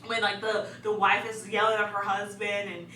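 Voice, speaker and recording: A young woman telling a story in a casual, animated way, laughing often and dramatizing events. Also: mid-range voice, moderate pace. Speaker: vlogger. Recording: echoey room, distant mic, faint hum.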